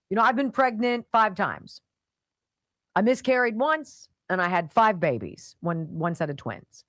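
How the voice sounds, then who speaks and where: A woman's voice: a little high, no room sound. Emphatic woman talk radio host. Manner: animated and emphatic, mocking in mimicry. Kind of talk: opinionated talk radio monologue.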